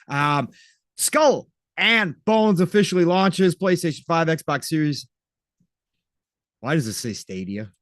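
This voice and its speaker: A man's voice: a little high, lively intonation, takes it slowly, fairly bright tone, no echo, clean studio sound. A man co-hosting a podcast, reading out game release news in a chatty, upbeat way. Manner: chatty, upbeat, breaks into playful mock voices. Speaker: podcast co-host.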